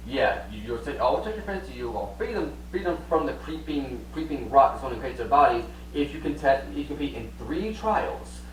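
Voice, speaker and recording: A man voicing a sly, eccentric old king in a low, drawling mock-regal voice, retelling a cartoon scene. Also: lively intonation, fairly quick, hardly any pauses, roomy sound, distant mic, slight background noise, natural voice, low-quality recording. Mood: scheming.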